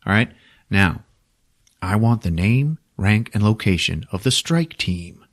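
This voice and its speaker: A man's voice: on the low side, measured pace. A man voicing a cold, menacing male government agent who swears as he threatens. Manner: flat threatening drawl, swearing.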